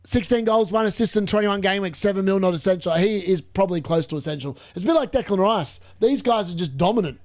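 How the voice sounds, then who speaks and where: High-voiced excitable man. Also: fast, few pauses. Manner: excitable, bursts into shouts at near misses; chatty, muttering asides between reactions. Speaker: fantasy football streamer. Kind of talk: live watch-along commentary.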